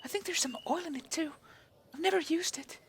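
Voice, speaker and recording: A man's voice: very high voice, brisk. A man voicing a small, carefree female creature in a tabletop game, with a breezy, offhand manner. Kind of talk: tabletop role-play voice.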